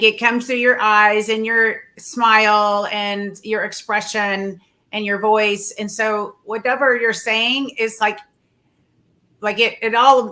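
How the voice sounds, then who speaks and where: A woman's voice: medium pitch, pushed and bright. A woman hosting a casual interview show, speaking in an effusive, gushing way. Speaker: talk show host.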